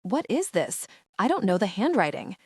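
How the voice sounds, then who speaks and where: A woman's voice: mid-range voice, very animated, normal speed, slightly rough, no room sound, clean studio sound. A woman voicing an earnest, guarded young queen in an audiobook, speaking in a pressing way.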